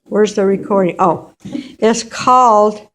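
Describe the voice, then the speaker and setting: A woman's voice: medium pitch, slow pace. A woman joking around in a home video, playfully pretending to speak French. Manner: joking, mock French talk.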